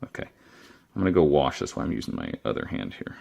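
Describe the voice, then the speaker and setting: A man's voice: extremely low pitch, big pitch swings, fairly quick, gravelly, darkish tone. A man casually chatting his way through a home cooking demo in his kitchen, rambling and self-deprecating. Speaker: cooking video host.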